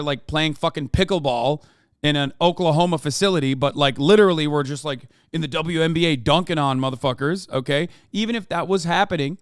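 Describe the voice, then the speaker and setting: A man's voice: fairly high pitch, clear, resonant tone, dry recording, clean studio sound. A man hosting a live stream, ranting heatedly and profanely about politics and mocking his critics. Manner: mocking and combative toward chat.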